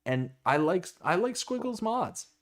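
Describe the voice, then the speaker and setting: A man's voice: high-pitched, very animated, unhurried. A man co-hosting a casual live stream, stammering and exasperated as he reacts and reads chat comments aloud. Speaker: livestream co-host.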